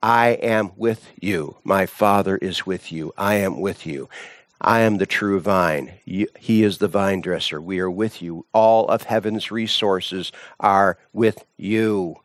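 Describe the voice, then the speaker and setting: A deep, slow, softly reassuring divine voice, as a preacher takes it on. The pitch sinks below his normal speech and the delivery is soft. The sound is dry and close. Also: no echo. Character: gentle reassuring divine male voice.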